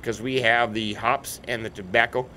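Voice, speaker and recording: A man's voice: medium pitch, fairly even intonation, moderate pace, bright, forceful tone, slight background noise. A middle-aged American man casually commenting on a farming game, joking and talking to imaginary companions. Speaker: let's play host. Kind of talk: casual game commentary with role-play banter. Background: faint game vehicle sounds.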